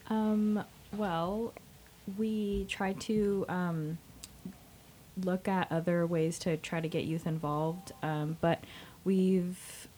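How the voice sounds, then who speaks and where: A woman's voice: on the low side, steady tone, drawn-out words, dark tone, a little hiss or hum. A young woman from Alaska answering questions as a radio guest, earnest and hesitant, with many ums. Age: young adult. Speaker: youth group member, guest. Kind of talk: radio interview. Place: radio studio.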